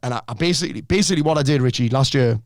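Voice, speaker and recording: A middle-aged man, a life coach on a podcast, talking in a blunt, energetic way and swearing freely. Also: medium pitch, very fast, no room sound, clean studio sound. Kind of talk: casual podcast conversation.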